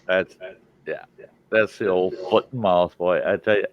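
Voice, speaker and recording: Older man, folksy, low voice. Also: steady tone, measured pace, muffled recording. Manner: folksy storyteller, laughs a lot. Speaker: livestream host. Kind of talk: casual chat.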